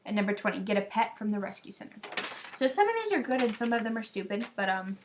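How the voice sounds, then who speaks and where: A teenage girl from the United States, chatting excitedly to camera in a rambling, scattered way. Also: mid-range voice, quick pace, background noise. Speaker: vlogger. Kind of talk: casual chat to camera.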